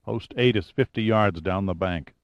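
Male narrator doing a low, offhand wisecracking agent. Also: moderate pace, no echo, highs cut off, close to an everyday voice. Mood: teasing. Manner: teasing, offhand.

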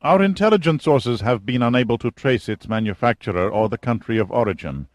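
A man's voice: mid-range voice, lively intonation, fairly quick, dry recording, pitched above the performer's own voice, lightly acted. A man voicing a nervous, apologetic middle-aged intelligence colonel in an audiobook reading. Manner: anxious, apologetic, eager to please.

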